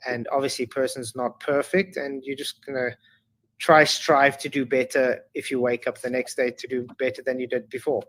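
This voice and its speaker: A South African man, Afrikaans by first language, answers in a casual interview. He talks in a halting way, restarting his sentences often, at a middling pitch. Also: flat delivery, a bit bright. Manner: halting, with frequent restarts and fillers. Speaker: interview guest.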